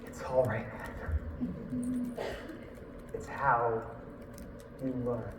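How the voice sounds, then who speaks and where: A man voicing a wise, gentle old man of about eighty, speaking slowly and softly like a father. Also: medium pitch, sing-song, reverberant, far from the mic, background noise, pitched below the performer's own voice. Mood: gentle counsel.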